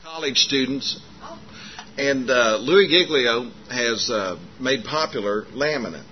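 A man preaches in a folksy, animated way, slipping into the voices of the people in his story. The recording is muffled and lo-fi, with a faint hiss underneath. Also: medium pitch, slow. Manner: folksy, animated retelling with acted dialogue and frequent fillers. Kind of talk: sermon storytelling.

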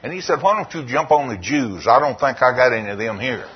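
A man preaching a sermon, telling stories and reading scripture slowly in a lowered voice. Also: animated, noisy background. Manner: storytelling, quoting scripture in a slow, lowered voice. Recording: dull lo-fi recording.

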